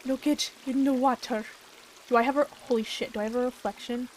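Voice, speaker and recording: A young woman streaming a game, excitable and swearing freely, talking to the characters on screen. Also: fairly high pitch, fairly quick, slight background noise, poor audio. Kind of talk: casual gameplay commentary. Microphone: desk mic.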